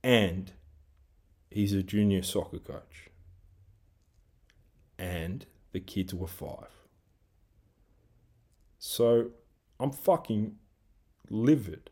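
A man's voice: fairly low pitch, slow pace, long pauses, mellow. An Australian man hosting a solo podcast, ranting angrily with lots of swearing and rambling asides. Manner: angry, heavy swearing, rambling rant; self-described big guy who coaches team training. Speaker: podcast host.

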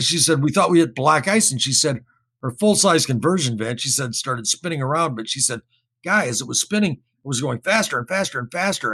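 Gravelly, husky-voiced man telling a story. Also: a little high. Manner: rambling, repeats words, animated when quoting others. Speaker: guest recounting an experience. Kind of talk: casual spoken storytelling.

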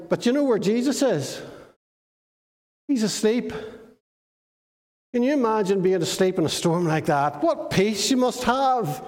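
A man giving a children's sermon in lively storytelling and putting questions to the children. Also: high-pitched, unhurried, pauses often, big-room sound. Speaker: minister.

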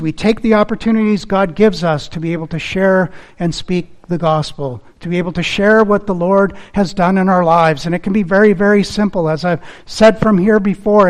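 A man preaching a sermon in an earnest, emphatic manner, repeating key phrases, and closing in prayer. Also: sits high. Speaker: pastor.

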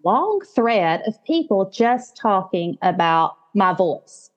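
A woman's voice: mid-range voice, takes it slowly, highs cut off. A woman in her late forties with a Southern US accent, telling her story as a podcast guest. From American South. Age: 40s. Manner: warm storytelling, animated, quotes her own thoughts. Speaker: guest, business founder. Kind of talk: podcast interview.

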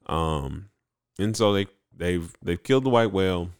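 A man with a very low voice talks through a story recap in loose, rambling sentences, stacking likes and ums as he goes. The sound is dry and close, with no room around it. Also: lively intonation, measured pace, clean tone, dry recording. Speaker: podcast co-host. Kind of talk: casual anime recap chat.

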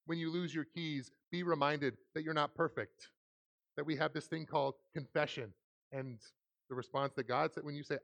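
A man in his thirties preaching a sermon in a church, animated and laughing often as he acts out quoted lines. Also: on the high side, a little fast, creaky. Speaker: pastor. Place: church hall.

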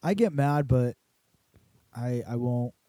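A young man in casual chat, telling a story with lots of swearing and animated retelling. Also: medium pitch, takes it slowly, no room sound.

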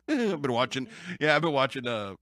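A man's voice: mid-range voice, sing-song, moderate pace, bright, forceful tone, dry recording, clean studio sound. Laughing, rambling American man. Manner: rambling, jokey, laughs often, many restarts. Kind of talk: casual news commentary.

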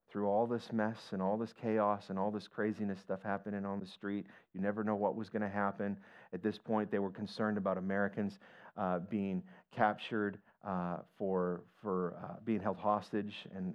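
A man preaches with a lowish voice, retelling a story with rising emotion and then sinking to a hush. The recording sounds dull and lo-fi. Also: little pitch movement, normal speed. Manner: emotional, builds to a raised pitch then drops to near-whispers. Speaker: pastor. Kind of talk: sermon storytelling.

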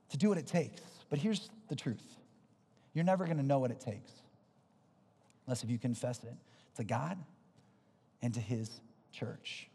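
A man preaching a sermon as pastor, urgent and impassioned, then closing in a soft, hushed prayer. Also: mid-range voice, moderate pace, pauses often, breathy edge, long reverb tail.

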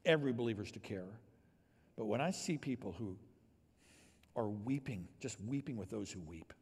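A male pastor preaching a sermon, swinging from hushed, near-whispered passages to loud, emphatic ones. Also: on the low side, lively intonation, moderate pace, slightly rough, long reverb tail.

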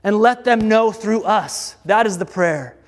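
A man with a notably high voice preaches in a slow, measured cadence, leaning on pauses and repeated refrains. His words ring out with a long reverb, as if in a large hall. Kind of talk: sermon.

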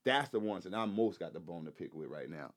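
Fast-talking emphatic man, podcast guest. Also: sits low, animated. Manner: emphatic, repeats himself, keeps saying "you know what I'm saying"; profane, loose slangy delivery. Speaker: guest, rapper and activist. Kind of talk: casual podcast chat.

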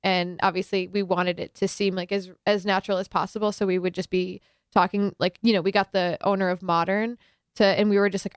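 A young woman chats about making a film, piling on fillers as she talks. Her voice is smooth and resonant. The recording is dry, with no room sound. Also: medium pitch, brisk, no echo. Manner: chatty, many filler likes, animated retelling. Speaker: student filmmaker guest. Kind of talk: casual interview chat.

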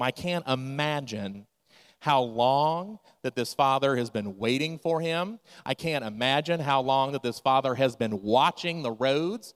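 A man's voice: medium pitch, clean tone, long reverb tail. A man preaching a sermon, telling a story and acting out its characters' lines. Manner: storytelling preacher, acts out quoted dialogue. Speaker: pastor.

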